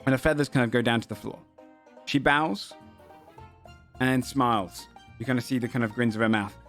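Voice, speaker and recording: A man's voice: medium pitch, fairly even intonation, fairly quick, fairly bright tone. Guy running a tabletop game, easygoing narration, lots of um and like, music under it. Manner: loose, hesitant narration with many fillers. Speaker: game master.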